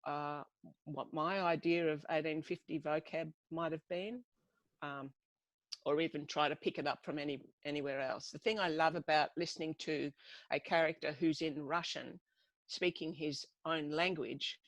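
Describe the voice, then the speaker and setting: A woman's voice: low-pitched, steady tone, normal speed, no room sound, rough recording. An Australian woman author in a casual video-call chat, musing aloud and searching for her words. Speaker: author guest.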